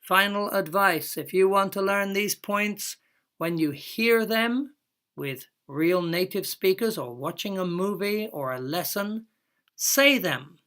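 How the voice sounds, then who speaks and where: A woman's voice: medium pitch, fairly bright tone. A woman giving a recorded English lesson, explaining step by step and stretching out her example phrases. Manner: slow, careful explaining with drawn-out example words. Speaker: English teacher.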